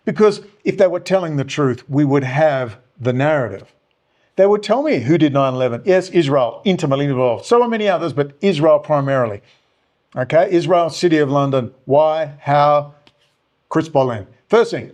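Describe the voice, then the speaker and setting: Man, furious solo rant, profane, sneering, high-pitched. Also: big pitch swings, fairly quick. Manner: profane, shouting, sneering, big pitch swings. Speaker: political commentator.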